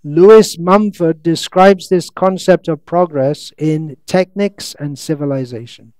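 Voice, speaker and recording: A man lecturing on scripture with a high, smooth and clear voice. He talks slowly and stretches his words as he reads quotes, then slips into dry, sarcastic asides. The sound is close and dry, with no room echo. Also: darkish tone. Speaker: monk lecturer. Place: lecture hall in India.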